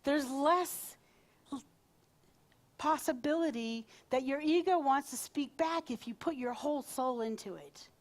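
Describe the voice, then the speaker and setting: A woman's voice: high-pitched, a little slow. A woman minister giving a live sermon to her congregation, talking in a conversational, playful way with asides to the crowd. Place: spiritual center service in front of a congregation.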